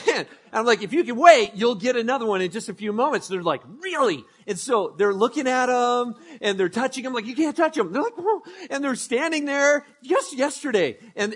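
A man preaching a sermon as pastor, conversational and joking, telling animated stories. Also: high voice, slightly rough.

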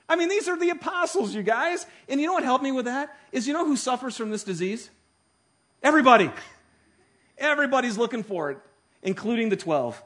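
Animated pastor with a lively high voice. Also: male voice, fairly quick. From Detroit. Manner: animated storytelling, shifting from hushed to loud. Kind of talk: sermon.

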